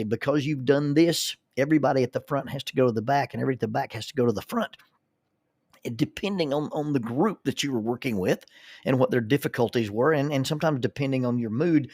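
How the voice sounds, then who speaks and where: A man's voice: medium pitch, no room sound, clean studio sound. A man, a counselor and minister, telling stories in a folksy way, often repeating words as he starts a thought. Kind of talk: storytelling monologue.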